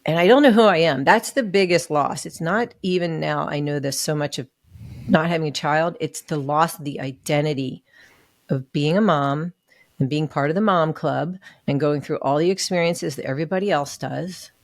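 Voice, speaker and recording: This woman's voice sits low and moves at normal speed, captured dry with clean studio sound. She's a podcast guest candidly recounting a hard personal experience, emotional and earnest, voicing what others said.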